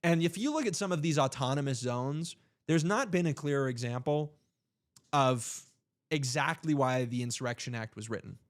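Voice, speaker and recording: A man's voice: medium pitch, lively intonation, moderate pace. A young man hosting a political livestream, speaking emphatically with rhetorical questions and playful asides. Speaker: livestream host.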